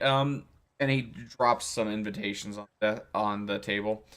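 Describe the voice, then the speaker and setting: A man's voice: fairly low pitch, steady tone, normal speed, a bit bright, smooth. A man running a tabletop role-playing game as game master, narrating and voicing the characters casually.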